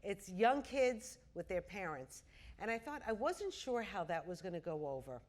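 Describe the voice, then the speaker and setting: A woman's voice: medium pitch, big pitch swings, moderate pace, darkish tone. A woman interviewing a guest on stage, chatty and playful, laughing easily. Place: auditorium before a live audience.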